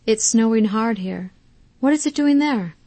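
Woman voicing a young daughter, eager, chatty, a little higher, dry close sound. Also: lively intonation, unhurried, warm tone, dry recording. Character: bright, happy young woman, newly engaged daughter. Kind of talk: audiobook character reading.

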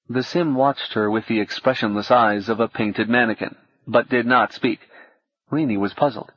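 A man reading an audiobook in steady, measured scripted narration. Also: mid-range voice, lo-fi sound.

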